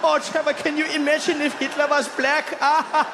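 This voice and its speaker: A man putting on a teasing German friend with a German accent, sing-song and high-pitched. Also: fairly quick, long reverb tail, background noise. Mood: cackling.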